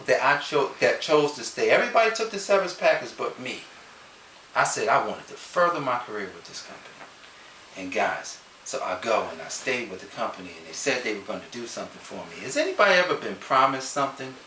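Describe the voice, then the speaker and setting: A man speaking as a motivational speaker, telling a personal story in a lively, conversational way and putting questions to his listeners. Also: mid-range voice, a little fast. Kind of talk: animated personal storytelling to an audience. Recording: roomy sound from a distance with faint hiss.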